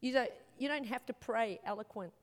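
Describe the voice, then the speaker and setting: A woman giving an earnest, emotional church testimony and altar call, halting and restarting as she speaks. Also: fairly high pitch. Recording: long hall reverb.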